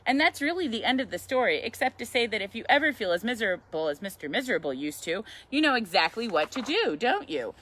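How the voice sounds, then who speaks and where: A woman's voice: on the high side, very animated, quick pace, hardly any pauses, fairly bright tone. A woman reading a picture book to a child at storytime, playful and chatty, with asides and questions. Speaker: yoga teacher reading to a child.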